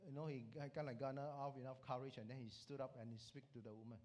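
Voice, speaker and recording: Animated Singaporean man preaching. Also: medium pitch, fast, few pauses. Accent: Singaporean English. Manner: animated storytelling with local slang and particles. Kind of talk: sermon with Bible teaching.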